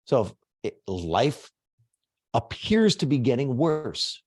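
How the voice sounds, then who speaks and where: A man's voice: medium pitch, very animated, takes it slowly, slightly rough. A man teaching a motivational lesson in a conversational, emphatic way, with casual swearing.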